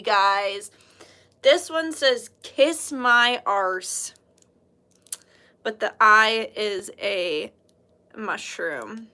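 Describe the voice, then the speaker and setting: British woman, livestream host, bubbly and giggly, slow-paced, a touch high. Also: bright, forceful tone. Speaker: livestream host showing handmade jewelry. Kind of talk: casual livestream chat.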